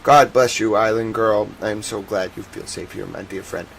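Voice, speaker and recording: Boston guy doing a news livestream, low gravelly voice, chatty with chat, faint hiss behind. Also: fairly even intonation, moderate pace, rough recording. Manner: chatty, greets chat viewers, earnest and soft when serious. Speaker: live-stream news host. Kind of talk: casual live commentary on war footage.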